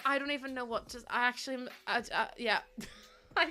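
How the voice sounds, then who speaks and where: Young streamer, woman, bright crisp tone, excitable and quick to laugh. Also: fairly high pitch. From Northern Ireland. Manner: excitable, gushing, breaks into laughter. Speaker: livestreamer. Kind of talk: casual livestream chat.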